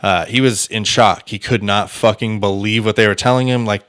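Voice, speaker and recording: A man's voice: fairly low pitch, steady tone, moderate pace, hardly any pauses, fairly bright tone, smooth. A man hosting a podcast, casually retelling a true-crime case in a loose, chatty way with filler words and the odd curse. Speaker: podcast host.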